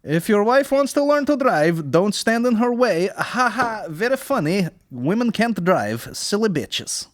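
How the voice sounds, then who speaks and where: A man's voice: high-pitched, sing-song, a little slow, hardly any pauses, no echo, clean studio sound, pitched above the performer's own voice. A man voicing a smug Russian man in a put-on Russian accent, who tells crude jokes and explains them. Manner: explains each joke, loud and pleased.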